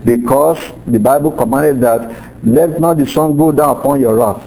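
A man's voice: mid-range voice, normal speed, dark tone, rough recording. A middle-aged man preaching a sermon in a conversational way, acting out little quoted exchanges as he teaches. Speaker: pastor.

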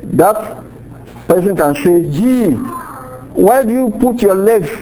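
Conversational male preacher, mellow tone. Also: high-pitched, lively intonation, a little slow, poor audio. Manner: conversational preaching with acted-out quotes. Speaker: pastor. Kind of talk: sermon.

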